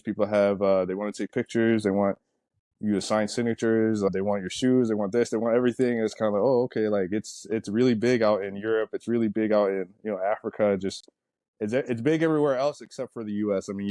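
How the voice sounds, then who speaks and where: A man, a pro sprinter, chatting in an interview, telling stories in a relaxed, rambling way with lots of fillers. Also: lowish voice, quick pace, no echo, clean studio sound. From United States. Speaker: Olympic sprinter guest. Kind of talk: casual interview talk.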